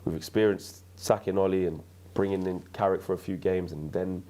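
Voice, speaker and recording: A man hosting a casual football chat, relaxed and thinking aloud with frequent restarts. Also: low-pitched, brisk. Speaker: host.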